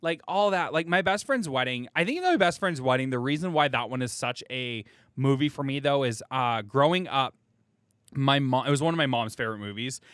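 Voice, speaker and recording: A man's voice: mid-range voice, expressive, fairly quick, fairly bright tone, clear, resonant tone, dry recording, studio quality. A young man hosting a casual podcast chat, laughing often and swearing freely. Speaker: podcast host.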